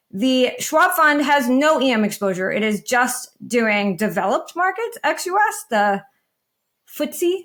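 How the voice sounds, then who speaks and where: A woman with a slightly raised voice sits on a panel and talks it through plainly. She sounds matter-of-fact and pads her points with frequent ums and uhs in a relaxed discussion. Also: high voice. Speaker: guest judge analyzing funds.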